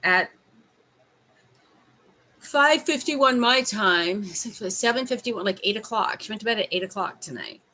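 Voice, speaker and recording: A woman's voice: medium pitch, lively intonation, measured pace, pauses often, pushed and bright, slight background noise. A Canadian woman in her thirties hosting a casual live stream from home, chatting with viewers in a teasing manner and laughing often. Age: 30s.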